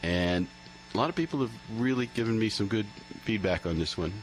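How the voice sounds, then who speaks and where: A man's voice: fairly low pitch, expressive, fairly quick, slight background noise, rough recording. A man being interviewed as a musician, chatting casually with many fillers and restarts. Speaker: musician guest.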